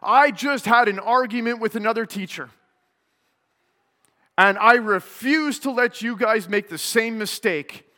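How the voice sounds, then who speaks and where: A man's voice: sits high, a little slow, pitched above the performer's own voice. A man acting out a furious male schoolteacher who barks orders at his class, heard in a reverberant church hall. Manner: shouting commands, then icily calm.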